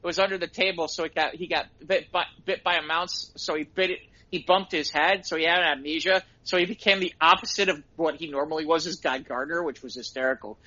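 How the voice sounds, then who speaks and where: A middle-aged man, a podcast co-host, telling excited stories in casual chat and laughing at them himself. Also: fairly high pitch, brisk, hardly any pauses, dull audio. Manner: excitable storyteller, laughs at his own stories.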